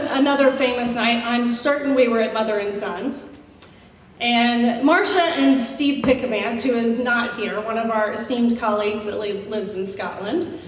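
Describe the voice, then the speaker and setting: A woman's voice: fairly high pitch, slight background noise. A woman giving a chatty, self-deprecating roast speech full of anecdotes and laughter. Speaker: roast speaker. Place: large event hall. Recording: echoey hall recorded from far off.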